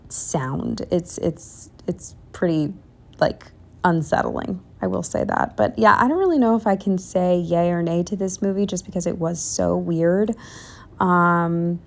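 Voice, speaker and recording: A young woman talks casually over her planner pages, drifting off on tangents with plenty of ums and likes. Her voice sits on the low side for a woman and keeps sliding into a gravelly fry. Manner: chatty, rambling with many ums and likes. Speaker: planner vlogger.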